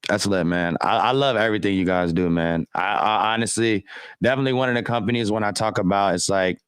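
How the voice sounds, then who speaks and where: A man hosts a podcast in loose, hyped-up chat, full of slang and quick laughs. His voice sits on the low side. The sound is dry and close, with no room around it. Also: clean tone, no room sound. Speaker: podcast host.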